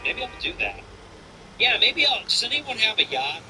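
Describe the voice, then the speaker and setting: A man's voice: very high-pitched, big pitch swings, normal speed, bright, forceful tone, a little hiss or hum, low-quality recording. A man hosting a livestream, chatting casually and ranting bluntly with frequent profanity. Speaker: livestream host.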